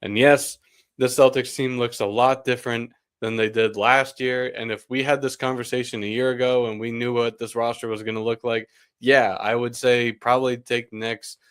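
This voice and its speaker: A man co-hosting a podcast, chatting casually about basketball, relaxed and prone to laughing and trailing off. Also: medium pitch, moderate pace, smooth, dry recording, studio quality. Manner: relaxed, laughs often, trails off mid-sentence. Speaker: podcast co-host. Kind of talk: casual sports chat.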